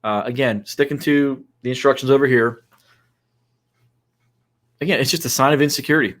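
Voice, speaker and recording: A man's voice: medium pitch, moderate pace, fairly bright tone. A man with a mid-range voice co-hosts a casual podcast, walking listeners through advice point by point. He speaks in an instructive way with plenty of fillers. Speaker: co-host.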